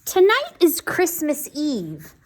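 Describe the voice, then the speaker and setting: A woman voicing an excited little boy in a storybook read-aloud. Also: high-pitched, slow, voice pushed up, full character voice.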